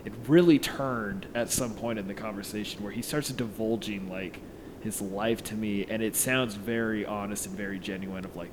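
A man's voice: lowish voice, normal speed, background noise. A man casually telling a long story, rambling and swearing freely, with lots of filler words. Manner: rambling, profane, heavy use of "like".

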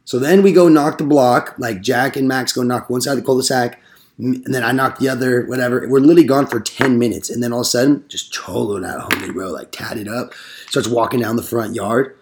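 A young man on a casual podcast rambles through stories about knocking on doors, packed with slang and swearing. He acts out the people he quotes, talking a little fast in a mid-range voice.

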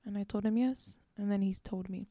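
In a dry, studio-quality recording, a podcast host in her twenties briskly tells a personal story. Her medium-pitched voice is steady with a dark tone. She's earnest and reflective, dropping "like" and "you know" frequently.

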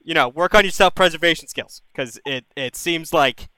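A man's voice: on the high side, normal speed, bright, forceful tone, clear, resonant tone, dry recording, low-quality recording. A man hosting a call-in advice show, giving blunt, profane, bro-style advice to callers. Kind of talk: casual live-stream call-in advice.

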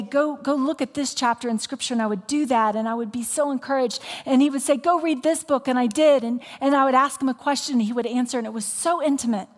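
A woman pastor preaching a sermon, telling a story with animation and dropping into soft, whispered appeals. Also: sits high, big-room sound. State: recovering from voice loss.

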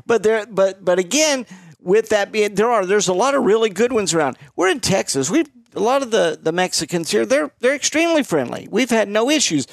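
Emphatic high-voiced man hosting. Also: sing-song, a little fast, vocal fry, dry recording, studio quality. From Florida. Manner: opinionated, emphatic, repeats words. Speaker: podcast host. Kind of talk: casual political chat.

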